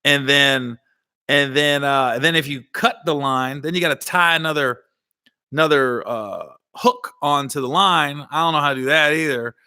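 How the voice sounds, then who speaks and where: Bright-voiced man telling a rambling story. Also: on the high side, normal speed, clean tone, no room sound, clean studio sound. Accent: slight Ohio Valley twang. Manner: rambling, self-correcting storyteller. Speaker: comedian podcast host. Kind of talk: casual comic storytelling.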